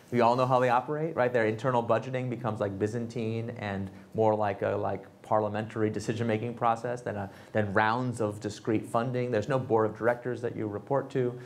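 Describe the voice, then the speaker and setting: A man in his thirties, an author and entrepreneur, telling animated stories at a fireside chat and acting out the people he quotes. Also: fairly low pitch, slight background noise. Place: event space with audience.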